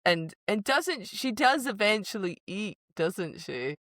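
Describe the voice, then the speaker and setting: A woman with a mid-range, fairly bright voice co-hosts a book podcast, chatting casually and speaking slowly but with lots of animation. She retells scenes, acts out quoted lines, and laughs often. The recording is dry, with clean studio sound.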